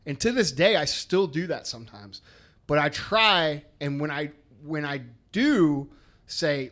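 A man's voice: a little high, animated, measured pace, a bit bright. A man co-hosting a business podcast, talking bluntly and emphatically with lots of swearing. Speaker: podcast co-host. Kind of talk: casual business podcast chat.

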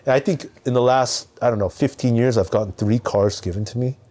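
A man from Southern California talks briskly at medium pitch while guesting on a podcast, recounting something from his own life in an animated, casual way with many fillers.

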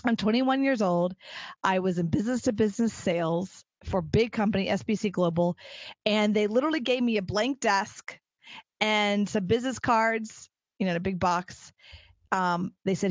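A woman's voice: medium pitch, a little fast, no echo, highs cut off. A middle-aged woman hosting a solo podcast, talking energetically and acting out quoted conversations. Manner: energetic, emphatic, acts out quoted dialogue. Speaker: podcast host.

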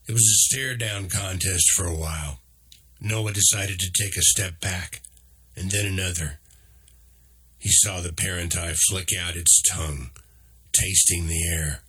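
A man reads a storybook aloud in a very low, husky voice, taking his time over each line. The narration is steady and even. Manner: slow, steady, deep reading.

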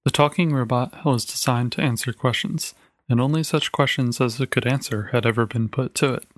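A man reads a short story aloud in a measured, clear storytelling voice of middling pitch. The recording is close and dry, with no room sound. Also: no room sound. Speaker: narrator. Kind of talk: audiobook reading of a short story.

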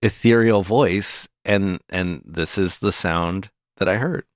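A man co-hosting a satirical comedy podcast, talking in a mock-serious, deadpan way and often breaking into laughs. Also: low voice, slow. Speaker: podcast co-host.

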